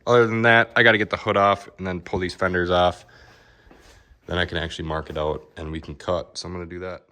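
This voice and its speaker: A man's voice: sits low, level tone, quick pace, sharp tone. A young man working as a car fabricator, casually rambling through a shop vlog with lots of fillers. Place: car workshop.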